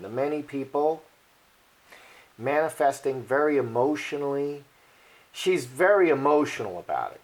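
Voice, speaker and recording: A man giving a casual card-reading commentary, chatty and repetitive, thinking aloud as he turns over each card. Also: medium pitch. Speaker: card reader.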